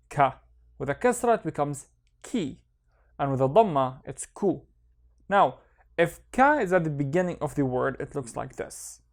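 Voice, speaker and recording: Patient man teaching Arabic syllables. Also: a little high. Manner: slow, patient, repeats sounds twice. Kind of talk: online language lesson.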